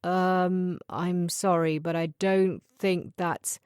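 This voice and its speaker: A woman's voice: fairly low pitch, level tone, takes it slowly, a little mellow, clean tone, no room sound, studio quality. A woman voicing a hesitant, officious young male police officer in an audiobook thriller.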